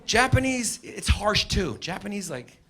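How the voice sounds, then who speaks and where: A man's voice: high-pitched, big pitch swings, a little slow, soft background music. A man doing a brash, profane stand-up comedy set on a club stage, riffing on a handheld mic. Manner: brash, profane, riffing, mock-foreign gibberish bits. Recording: live club recording, loud crowd laughter and noise. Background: audience laughter.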